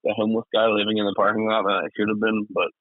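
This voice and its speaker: A man co-hosting a podcast in casual chat, excitable, swearing and laughing often. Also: on the low side, rapid-fire, no room sound. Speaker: podcast co-host. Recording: tinny phone-like sound.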